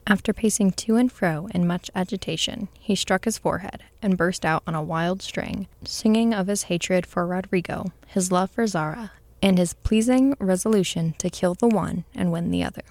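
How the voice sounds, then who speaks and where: A woman narrating a story aloud in a measured, expressive reading. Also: fairly low pitch, no room sound.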